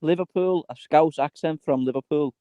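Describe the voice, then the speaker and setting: A man's voice: fairly high pitch, normal speed, warm tone, no echo, highs cut off. A man on a livestream panel asking playful, jokey questions in casual chat.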